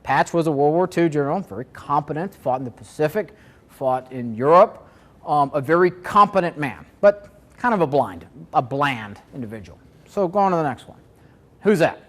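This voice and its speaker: A man with a slightly high voice presents a marketing seminar. He talks in a loose, conversational way and keeps putting questions to his listeners. The room around him has a live audience. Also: lively intonation, normal speed, a bit bright.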